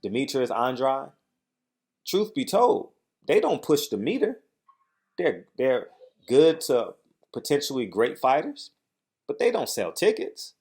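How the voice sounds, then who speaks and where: A man delivers a heated commentary rant in a voice of middling pitch. He sounds agitated and emphatic, hammering points home by repeating phrases again and again. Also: huge pitch swings, unhurried, pauses often, darkish tone. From United States. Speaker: boxing commentator, channel host.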